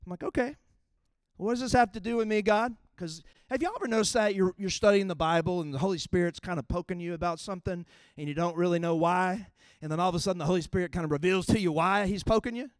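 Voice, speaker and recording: A middle-aged man with a drawl delivers a sermon, chatty and folksy. His voice sits high, and when he reads scripture he leans in with emphatic force. The recording is dry, with no room echo. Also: fast talker, smooth. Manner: conversational, folksy preaching with emphatic scripture reading. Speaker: pastor.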